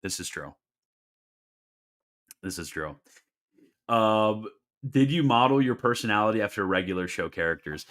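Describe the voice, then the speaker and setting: Lowish guy streaming, reading chat questions, dry jokey asides, laughs a lot. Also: animated, moderate pace, pauses often, a bit bright. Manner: wry, joking asides, frequent laughter. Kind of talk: casual livestream Q&A.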